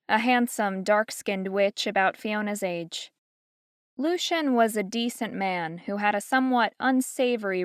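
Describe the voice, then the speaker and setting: A woman narrating an audiobook in an even, measured storytelling manner, close to a studio microphone. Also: mid-range voice, smooth, no echo. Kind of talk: scripted narration. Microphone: close studio mic.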